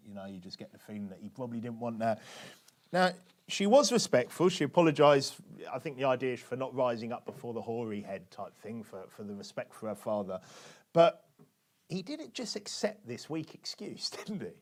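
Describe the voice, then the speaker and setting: A man's voice: medium pitch, very animated, fairly quick. A British man preaching a conversational sermon, often tossing tag questions at his congregation. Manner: chatty, keeps asking tag questions of the congregation.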